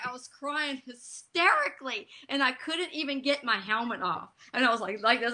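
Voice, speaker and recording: A middle-aged woman, a guest on a video call, telling stories in an animated, emotional way. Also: fairly high pitch, normal speed. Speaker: guest, drag racer. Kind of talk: casual interview chat.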